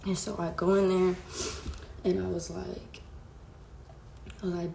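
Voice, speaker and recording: A woman's voice: fairly low pitch, little pitch movement, a little slow, vocal fry, pauses often, dark tone. A young woman, telling a candid, emotional story to her live-stream viewers with lots of "like" and "bro.". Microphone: phone live stream. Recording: echoey room with faint background hiss.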